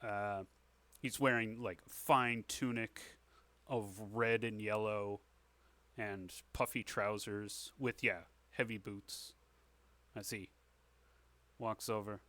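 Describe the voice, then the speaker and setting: A man's voice: fairly low pitch, steady tone, slow pace, long pauses, bright, forceful tone, no echo. A man narrating as game master in a tabletop game, describing scenes casually with many fillers. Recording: online session.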